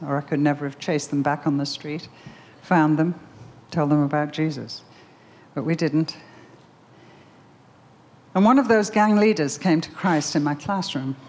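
An older woman giving a Christian talk, telling a personal story in an animated, emphatic way full of questions. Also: low-pitched. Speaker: Christian speaker.

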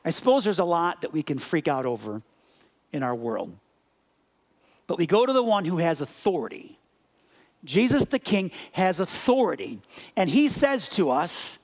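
A male pastor delivering a sermon with a voice set higher than most men's. He preaches in an animated way, playing out bits of dialogue. He sinks into quiet, gentle passages for reflection. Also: normal speed. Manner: animated, acts out scenes and dialogue; drops to soft quiet reflection.

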